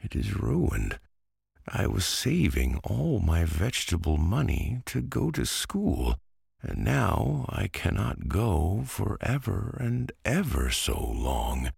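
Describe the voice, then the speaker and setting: A man's voice: sits low, huge pitch swings, slow pace, creaky, darkish tone, breathy edge, dry recording, clean studio sound, voice pushed up, heavily acted. A man voicing a polite, worried young boy in a storybook reading, speaking plaintively.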